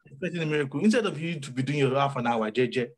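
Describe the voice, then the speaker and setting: A man's voice: medium pitch, rapid-fire, slight background noise, low-quality recording. A man from Africa co-hosting a podcast, telling stories with emphatic repetition in a casual motivational chat. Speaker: podcast co-host.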